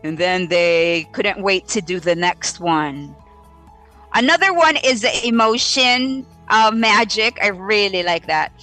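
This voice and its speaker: Slow, bright-voiced woman teacher. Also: medium pitch, faint music behind. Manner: animated, models exaggerated reading voices. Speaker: ESL teacher. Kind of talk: live-streamed teaching tips.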